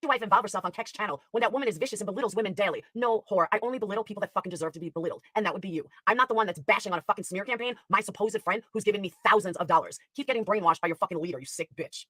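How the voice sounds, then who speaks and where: A woman streamer tears through an angry, profane rant at a breakneck clip. Her voice sits a touch high, bright and forceful, and the recording is close and dry with no room sound. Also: dry recording. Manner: profane, heated, rapid-fire. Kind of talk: angry ranting commentary.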